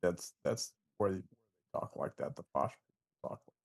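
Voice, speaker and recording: A man on a panel show chatting casually, halting and restarting his sentences. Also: deep voice, lively intonation, vocal fry, breathy edge, dry recording, clean studio sound.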